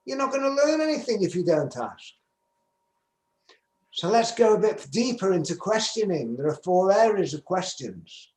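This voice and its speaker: An older man with a northern English accent gives an emphatic conference presentation, his voice sitting a touch high. He acts out little sample conversations as he goes. The sound is roomy and echoey. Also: sing-song, moderate pace, darkish tone. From England, Manchester. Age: 70s. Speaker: business skills speaker. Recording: roomy echo.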